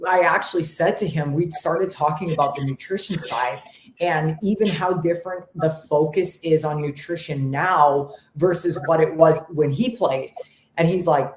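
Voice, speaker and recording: Woman, fitness coach, deep voice, enthusiastic, emphatic, roomy recording, faint background noise. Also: moderate pace. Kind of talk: casual interview talk.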